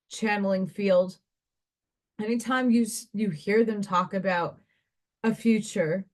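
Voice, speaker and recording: Woman musing in a rambling spiritual monologue. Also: medium pitch. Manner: meandering, conversational, thinking aloud with asides. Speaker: spiritual oracle card reader.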